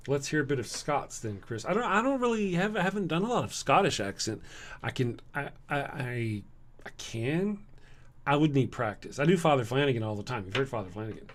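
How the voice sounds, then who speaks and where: Hosting a casual livestream, a man with a Southern US accent reads and answers chat in a medium-pitched voice. He sounds tired, is blunt and sarcastic, and clears his throat often.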